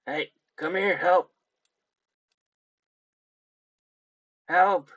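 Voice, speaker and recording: A man's voice: mid-range voice, animated, measured pace, husky, no echo, dull audio. A man voicing a simple-minded male super mutant who talks in broken, caveman-like grammar. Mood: pleading. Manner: calls out loudly for help.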